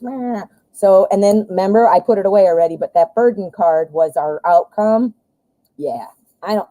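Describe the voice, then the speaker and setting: Chatty woman reading tarot live, warm voice. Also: mid-range voice, no echo, rough recording. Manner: chatty and excitable, blurts out exclamations and swears. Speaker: tarot reader hosting a live stream.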